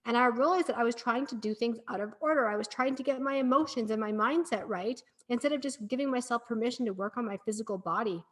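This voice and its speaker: A middle-aged woman with a voice pitched a little high, speaking as a guest on a podcast. She tells her story in an earnest, encouraging way and sounds conversational and sincere. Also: quick pace, hardly any pauses, fairly bright tone. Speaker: podcast guest, breathwork practitioner.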